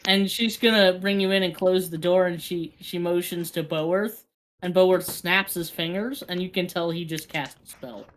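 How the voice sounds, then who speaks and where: Woman game master, lowish voice, chatty and halting narration. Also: fairly even intonation.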